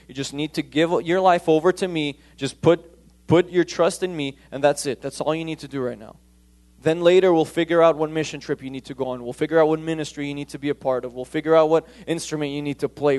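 A man's voice: on the high side, fairly even intonation, fast talker, darkish tone. A man preaching a conversational sermon, emphatic and repeating key points.

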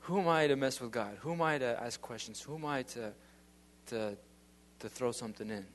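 A man's voice: medium pitch, moderate pace, slight background noise. A man giving a casual, earnest spoken testimony as a youth minister, rambling with many fillers and restarts.

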